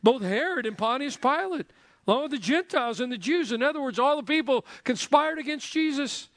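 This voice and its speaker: A man's voice: very high voice, animated, fairly quick, a bit bright, no echo. A man preaching a sermon in a joking, conversational way, often checking in with the congregation. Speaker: pastor.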